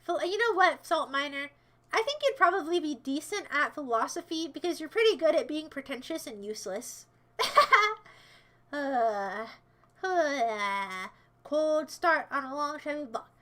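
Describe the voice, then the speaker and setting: Unhurried yet expressive, this high-pitched woman streamer replies to her chat in a playful, meandering way, teasing her audience and defending herself in mock seriousness. She punctuates it with shouted mock-villain commands.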